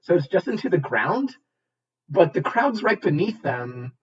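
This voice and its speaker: A sarcastic man riffing through a bad-movie recap, his voice a little husky and breathy. He rambles, swears freely and fills gaps with "uh". The sound is dull and lo-fi, like a home podcast. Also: sits high, very animated, a little slow. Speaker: podcast co-host. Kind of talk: casual comedic chat.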